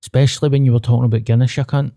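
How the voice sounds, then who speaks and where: A man's voice: medium pitch, flat delivery, very fast, mellow, dry recording. A young Scottish man co-hosting a podcast, talking candidly and animatedly with plenty of swearing. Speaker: podcast co-host. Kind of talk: casual chat.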